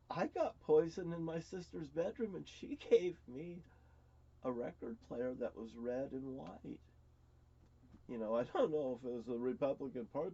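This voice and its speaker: Man, middle-aged, rambling vlog monologue, profane, stammering, mellow tone, slightly high voice. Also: husky, lo-fi sound. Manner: profane, stammering, repeats words. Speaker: vlogger. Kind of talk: rambling personal monologue to camera.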